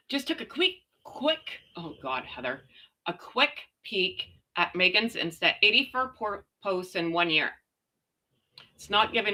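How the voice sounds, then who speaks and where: A sarcastic woman hosts a chatty livestream, commenting and reading out viewer messages with emphasis. She takes her time, lingering over each phrase in an unhurried way. Her voice is bright and ringing. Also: mid-range voice, big pitch swings, poor audio. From United States. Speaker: host.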